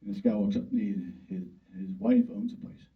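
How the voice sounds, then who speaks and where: A man's voice: on the low side, huge pitch swings, fairly quick, creaky. An older man, a urologist, giving a blunt, folksy informal talk to an audience and acting out quoted conversations. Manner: folksy, blunt, plain-spoken, acts out quoted dialogue. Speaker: urologist speaking to a club. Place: meeting room. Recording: distant mic over a tinny phone-like line.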